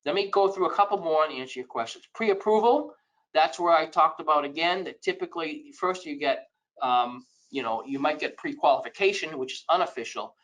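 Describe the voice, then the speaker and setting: A man's voice: a little high, a little fast, fairly bright tone, poor audio. A man presenting a financial webinar in a conversational lecture style, giving emphatic advice with frequent asides.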